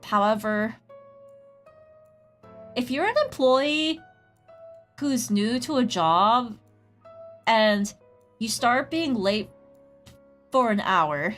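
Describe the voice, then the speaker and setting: Higher-voiced woman rambling casually on stream. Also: lively intonation, drawn-out words, pauses often, fairly bright tone. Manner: rambling storytelling, heavy use of "like"; greets chatters mid-story. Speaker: streamer and artist. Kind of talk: casual chat while drawing on stream. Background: faint background music.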